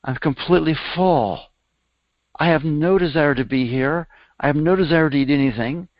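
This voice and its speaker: A man's voice: normal speed, no echo, lo-fi sound. A man, a spiritual teacher, telling a parable in a sermon and lifting his voice for the characters' lines. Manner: animated storyteller, voicing characters with raised pitch. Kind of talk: storytelling sermon.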